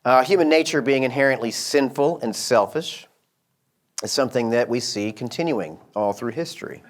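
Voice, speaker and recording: A man giving a conference lecture in a measured, deliberate way, pausing with fillers. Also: medium pitch.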